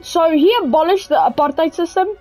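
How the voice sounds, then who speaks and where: Over soft background music and poor audio, a gaming video creator speaks in a very high, darkish voice at a brisk clip. She's a young native Afrikaans speaker from South Africa, and her casual commentary is hesitant, with many fillers and restarts.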